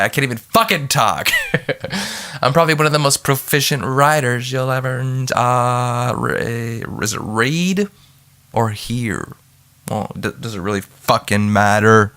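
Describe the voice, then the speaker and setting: An American man hosts his own podcast, speaking at normal speed in a mid-range voice with a bright, forceful tone. His solo talk rambles goofily, full of free swearing and sudden snatches of song.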